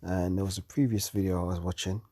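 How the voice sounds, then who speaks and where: A tired man teaching from the Bible late at night, reading verses aloud and commenting on them slowly. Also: sits low, fairly even intonation, mellow, dry recording. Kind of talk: scripture study talk.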